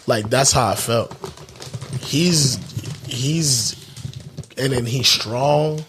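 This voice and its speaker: A man's voice: medium pitch, a little slow, breathy edge. A man co-hosting a podcast in a studio, joking around in loose, slangy casual chat. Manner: laid-back, joking, slangy. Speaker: podcast co-host. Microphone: studio mic, eating close to it.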